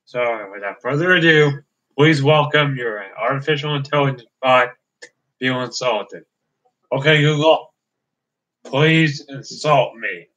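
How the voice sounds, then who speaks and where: On a dull, lo-fi recording, a man with an unhurried, fairly bright mid-range voice hosts a casual let's-play video. He rambles hesitantly, restarting his sentences again and again.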